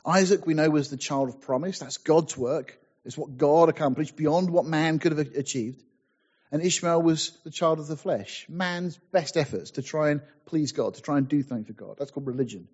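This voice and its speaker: A man's voice: mid-range voice, a little mellow, breathy edge, muffled recording. A man preaching a sermon, reading scripture aloud in King James wording and explaining it with emphatic asides.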